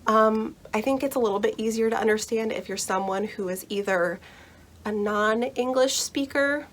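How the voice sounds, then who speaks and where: A woman's voice: a little high, normal speed. A young woman casually explaining how to read Shakespeare in a chatty, reassuring way, full of fillers and little laughs. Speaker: book vlogger explaining Shakespeare.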